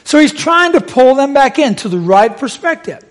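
A man preaching a sermon, telling the story with lively, acted-out voices. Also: extremely high pitch, moderate pace.

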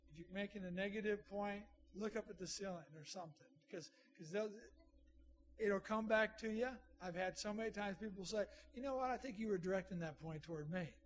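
A man's voice: high-pitched, slight background noise. A middle-aged man preaching a sermon in a conversational way, with asides to the congregation. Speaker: pastor.

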